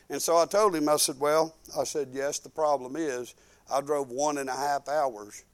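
Man, older, preacher, folksy, animated anecdotes, high voice, crisp. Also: a little slow, long pauses. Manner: folksy, animated storytelling with acted-out quotes. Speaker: pastor. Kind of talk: storytelling sermon.

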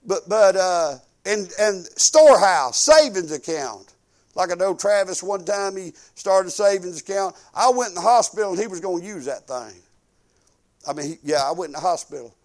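An older man preaches in a homely, conversational way. His voice sits high, and he pushes into loud, emphatic bursts as he drives each point home. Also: expressive, moderate pace. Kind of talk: sermon.

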